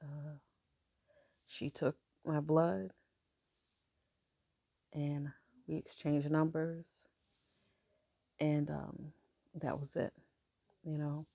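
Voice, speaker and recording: A middle-aged woman with a gravelly, mellow voice tells a personal story. She speaks softly and haltingly, pausing often between thoughts, and the sound is close and dry. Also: sits low, little pitch movement, no echo. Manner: halting, soft-spoken, with many pauses and fillers. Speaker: grieving mother sharing her story.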